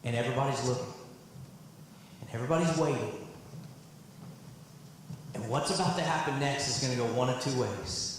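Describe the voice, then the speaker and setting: A pastor giving a sermon, an excitable man whose voice jumps high when he is moved. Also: a little fast, long pauses, background noise. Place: church sanctuary. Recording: echoey church sanctuary with music. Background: band playing.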